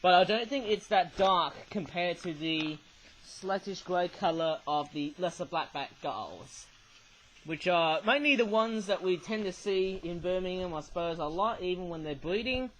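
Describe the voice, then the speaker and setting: High-voiced man reviewing toys. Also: animated, normal speed, fairly bright tone, a little hiss or hum, poor audio. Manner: rambling, tags sentences with "eh?". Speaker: toy reviewer. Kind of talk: casual toy review.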